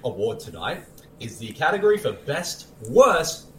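A man's voice: mid-range voice, big pitch swings, moderate pace, fairly bright tone, echoey room, a little hiss or hum. A man co-hosting a casual podcast, announcing mock awards in a playful, ceremonial way and swearing for laughs. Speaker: podcast co-host.

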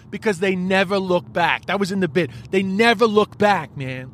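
An Irish man hosting a podcast, ranting in a profane, rambling, animated comic style. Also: sits high, moderate pace. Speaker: podcast host. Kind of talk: solo comedic podcast rant.

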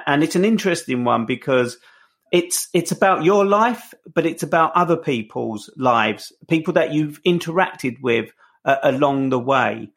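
A man's voice: on the high side, fairly bright tone. A man hosting an interview who asks long, winding questions, often stumbling and restarting his phrases. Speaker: interviewer, host.

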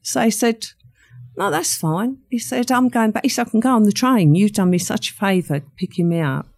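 A woman's voice: mid-range voice, steady tone, fairly quick, a little mellow. Older woman retelling a crime. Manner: vivid storytelling, acts out quoted voices. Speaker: interview guest. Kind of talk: recounting a true crime story.

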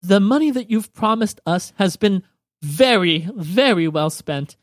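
A man plays a grateful, gushing woman organizer in a tabletop game. He lifts his voice a little and keeps it warm, and the room sounds dry. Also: high-pitched, expressive, a little slow, dry recording.

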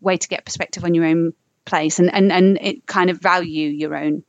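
A woman's voice: fairly low pitch, steady tone, moderate pace, no room sound, dull audio. A woman guest with a British accent, chatting animatedly on a podcast, rambling a little and laughing easily. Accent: British, shifting toward whoever she talks to. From England. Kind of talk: casual chat.

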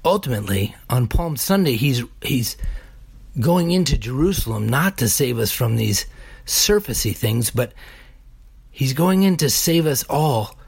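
Slow husky preaching man. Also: mid-range voice, lively intonation, darkish tone. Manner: deliberate preaching with rising emphatic repetitions. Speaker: pastor. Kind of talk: sermon.

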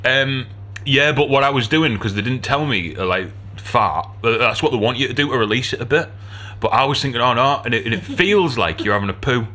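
A man's voice: mid-range voice, lively intonation, a little fast, sharp tone. A man telling a story in casual podcast chat, swearing and laughing as he goes. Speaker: podcast co-host.

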